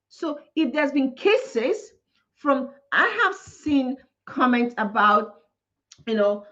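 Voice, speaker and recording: Impassioned high-voiced woman ranting. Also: a bit bright. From Nigeria. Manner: ranting, indignant, repeating points for emphasis. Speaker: teacher and vlogger. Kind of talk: impassioned commentary. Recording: dull lo-fi recording.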